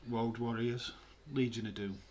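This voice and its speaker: A man hosting a livestream, giving relaxed, chatty commentary and reactions while watching a match. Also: medium pitch, measured pace. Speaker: livestream host. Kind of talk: casual live match commentary.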